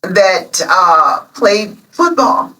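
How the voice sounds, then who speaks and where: A woman in her seventies, guest on an interview, telling stories warmly and emotionally with many pauses. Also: medium pitch, lively intonation, distant mic, poor audio. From Illinois, USA. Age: 70s. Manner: emotional, storytelling, many ums. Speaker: interview guest, local alderman. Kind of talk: casual interview chat.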